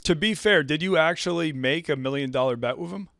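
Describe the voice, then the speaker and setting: Man, fairly high voice, casual podcast co-host, quick interjections. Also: vocal fry, fairly bright tone. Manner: interjects short questions and comments. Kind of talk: casual chat.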